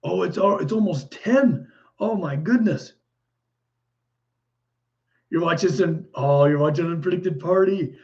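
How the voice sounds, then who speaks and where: Mellow-voiced man chatting on a livestream. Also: sits high, measured pace, pauses often. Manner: chatty and easily delighted, frequent exclamations and laughs. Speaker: livestream host. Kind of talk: casual live chat reading viewer comments. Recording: muffled lo-fi stream audio.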